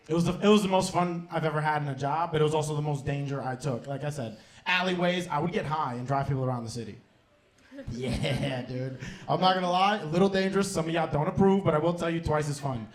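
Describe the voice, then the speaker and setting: A man's voice: on the high side, fast talker. A young man hosting a comedy club night and doing a loose, profane stand-up set, often laughing at his own lines.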